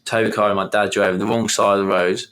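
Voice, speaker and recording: A young man with a very low voice tells a long personal story on a podcast. He talks casually, rambling and restarting sentences as he goes. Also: flat delivery, fast, fairly bright tone. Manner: rambling, restarts and retells with quoted inner thoughts. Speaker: podcast host.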